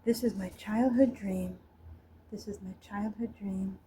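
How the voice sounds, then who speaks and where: A woman's voice: medium pitch, fairly even intonation, measured pace, mellow, slight background noise, poor audio. A middle-aged woman giving a scattered, self-mocking comic monologue to camera. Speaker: vlogger.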